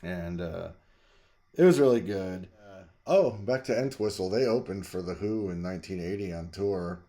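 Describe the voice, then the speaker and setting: A middle-aged man, the host, chatting casually and rambling about his record collection, jumping to loud emphasis. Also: deep voice, moderate pace. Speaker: vlog host reviewing records.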